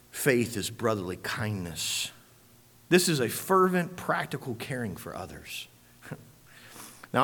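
A man preaching a sermon as pastor, swinging from hushed, quiet passages to loud shouted peaks. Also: lowish voice, gravelly. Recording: long hall reverb.

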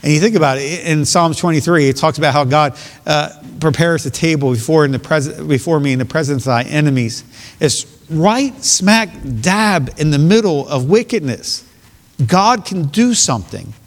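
A man's voice: on the high side, animated, normal speed. A man preaching a sermon, reading scripture aloud and rising to emphatic peaks. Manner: reads scripture aloud in old King James wording, rising to emphatic peaks. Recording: long hall reverb.

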